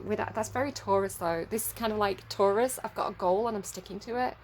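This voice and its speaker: A woman with a standard southern English accent talks through a tarot reading. She rambles, restarts her sentences and fills the gaps with "um" and "like". Her pitch sits in the middle of the usual range for a woman. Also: fast, few pauses, slight background noise. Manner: rambling, many fillers and restarts, laughs at herself. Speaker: tarot reader. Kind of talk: casual spoken tarot reading.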